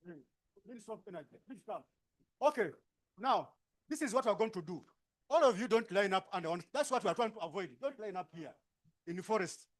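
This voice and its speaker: A man with a high-pitched voice and a Ugandan English accent leads a workshop session in a conference room. He gives brisk instructions and keeps checking with tag questions. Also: lively intonation. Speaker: workshop facilitator. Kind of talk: directing participants into groups.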